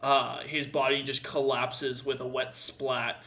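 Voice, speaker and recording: A man's voice: mid-range voice, level tone, measured pace, a loud crowd. A man narrating a tabletop game as game master, rambling with many fillers. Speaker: dungeon master.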